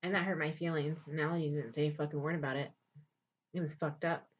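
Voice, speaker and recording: Frank, foul-mouthed woman storyteller; lower register, muffled lo-fi recording. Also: fairly even intonation, brisk, husky. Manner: blunt, frustrated, profane. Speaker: vlogger telling her life story. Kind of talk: candid storytelling, heavy swearing. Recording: dull lo-fi sound.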